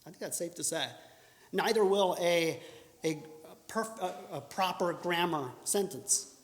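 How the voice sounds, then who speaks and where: A man's voice: sits high, a little slow. A man giving an earnest instructional talk at church, often restarting and correcting himself, then pushing out bursts of emphasis. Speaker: church speaker teaching public speaking. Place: church hall. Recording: echoey church hall.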